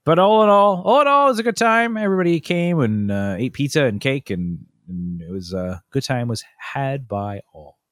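A man talks in a relaxed, rambling way, circling back and restarting his sentences. His voice sits at a middle pitch. It is recorded close to the microphone and sounds very dry. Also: normal speed, few pauses, no room sound. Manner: rambling storyteller, many restarts and asides. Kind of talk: casual chat.

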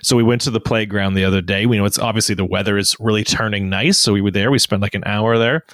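A man's voice: on the low side, steady tone, fast, a bit bright, dry recording, clean studio sound. A man in his thirties, co-hosting a casual podcast chat, telling stories animatedly and laughing often. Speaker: podcast co-host.

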